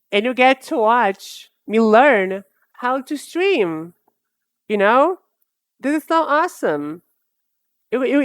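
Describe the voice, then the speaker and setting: A woman's voice: medium pitch, no room sound, clean studio sound. Chatty young woman streaming a game. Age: 20s. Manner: chatty, rambling, stumbling restarts. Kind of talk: casual gameplay livestream chat.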